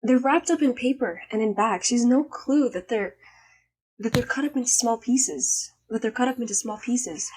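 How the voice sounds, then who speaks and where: A young woman telling a story in a casual vlog, emphatic and swearing freely, her voice still a little hoarse from being sick. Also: a little high, moderate pace, darkish tone. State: slightly hoarse after illness. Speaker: vlogger.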